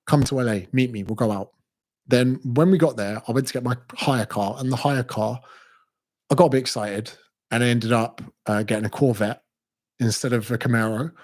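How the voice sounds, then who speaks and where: A man's voice: medium pitch, darkish tone. Blunt, sweary man coaching business. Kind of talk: direct-to-camera business advice.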